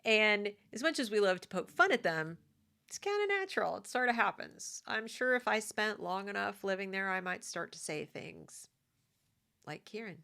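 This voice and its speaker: A woman's voice: mid-range voice, expressive, normal speed, gravelly, sharp tone. An American woman living in the South gives a conversational, opinionated monologue with fillers and restarts. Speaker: commentary host.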